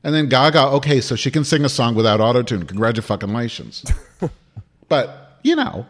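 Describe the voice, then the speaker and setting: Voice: medium pitch, fairly quick. A panelist in a casual chat, blunt and opinionated, with crude jokes.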